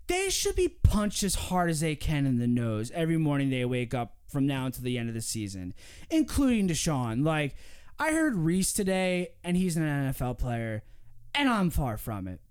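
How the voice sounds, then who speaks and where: A man's voice: on the high side, very animated, normal speed, a little mellow, clean tone. A man hosting a casual sports podcast, ranting with profanity and animation. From Philadelphia area. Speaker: podcast host.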